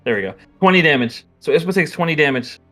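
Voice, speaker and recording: A man narrating a tabletop game as game master, playful and quick to laugh. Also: a little high, lively intonation, a bit bright, faint music behind.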